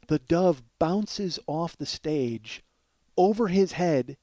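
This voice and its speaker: High-voiced man spinning a profane comic tale. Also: lively intonation, takes it slowly, dark tone, no room sound. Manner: profane, laughs through his own story. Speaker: comedian host. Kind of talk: comedic storytelling monologue.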